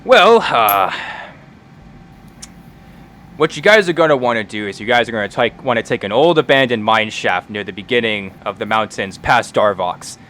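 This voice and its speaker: A man's voice: on the low side, expressive, moderate pace, fairly bright tone, slight background noise. A man voicing a middle-aged fisherman and former miner who gives directions in a rambling, hesitant way with lots of filler. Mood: helpful.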